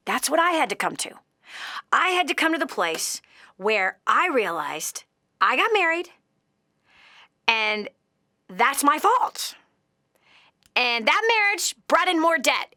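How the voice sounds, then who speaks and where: A high-pitched woman with a bright, forceful edge coaches a caller on air. She lectures in blunt, emphatic tough love, punching some words loudly and dropping to low, quiet urging on others. The sound is dry and close. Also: animated, measured pace, long pauses, no room sound. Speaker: radio show host and financial coach. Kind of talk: call-in coaching.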